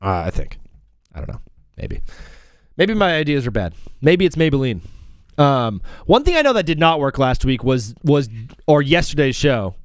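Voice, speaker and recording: A man's voice: medium pitch, normal speed, no echo, studio quality. A man hosting a casual live sports talk show, rambling and jokey, often stopping and restarting his sentences. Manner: animated, rambling, self-interrupting, jokey.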